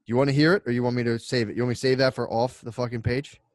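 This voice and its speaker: A man's voice: steady tone, very fast, dry recording, clean studio sound. Rambling, laughing male podcast host. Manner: rambling, laughing, pitching bits in act-out voices. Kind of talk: casual comedy podcast chat.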